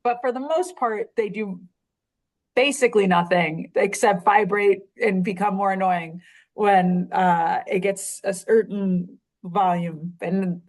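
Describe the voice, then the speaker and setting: A woman's voice: mid-range voice, takes it slowly. A woman from Chicago chatting casually as a podcast guest, candid and wry, with many fillers and frequent profanity. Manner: quotes others in animated voices. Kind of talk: casual conversation.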